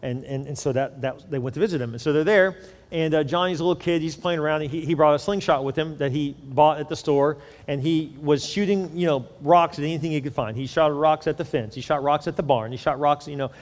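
A man's voice: a little high, brisk, big-room sound. A man preaching a sermon, telling a story in a loose, conversational way. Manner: conversational storytelling, repeats words. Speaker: pastor.

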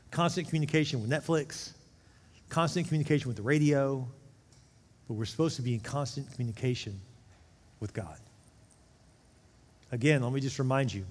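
Male pastor, sermon delivery, animated with loud and hushed swings, voice a touch high, long hall reverb. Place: church sanctuary.

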